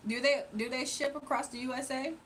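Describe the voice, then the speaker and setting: Playful, chatty woman, somewhat high voice. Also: steady tone, fairly quick, fairly bright tone, slight background noise. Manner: playful and chatty, laughing often, slangy. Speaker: livestream host. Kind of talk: casual livestream chat reading viewer comments.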